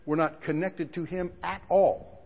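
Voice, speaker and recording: A fairly high, husky-voiced man preaching in a casual storytelling way, his voice dropping low and rising to loud peaks. The recording is dull and lo-fi, with a long reverb from a large hall. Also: steady tone, measured pace. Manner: storytelling, swings from quiet asides to shouting. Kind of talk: sermon.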